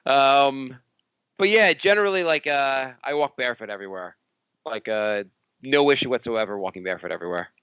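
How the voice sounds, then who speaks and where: Bright-voiced man joking around. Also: medium pitch, a little fast, clear, resonant tone, dry recording, lo-fi sound. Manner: rambling, joking, lots of fillers. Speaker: podcast co-host. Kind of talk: casual chat.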